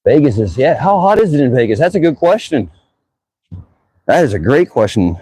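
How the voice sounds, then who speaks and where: A man's voice: medium pitch, sing-song, moderate pace, warm tone, breathy edge, rough recording. Easygoing man chatting outdoors. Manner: easygoing, chatty, muses aloud. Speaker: vlogger exploring town by bike. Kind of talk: casual narration while riding. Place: outdoors on town streets.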